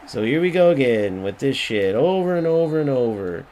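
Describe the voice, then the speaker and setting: A man's voice: mid-range voice, sing-song, moderate pace, darkish tone, slight background noise. Angry, swearing man ranting over gameplay. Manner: angry, profane, repetitive ranting; mocking voice when quoting others. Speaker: gaming YouTuber.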